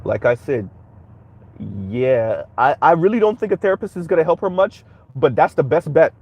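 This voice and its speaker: A man's voice: fairly high pitch, lively intonation, moderate pace, darkish tone, slightly rough. A man hosting a commentary stream, reacting bluntly and heatedly while speaking straight to his viewers. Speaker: commentary channel host.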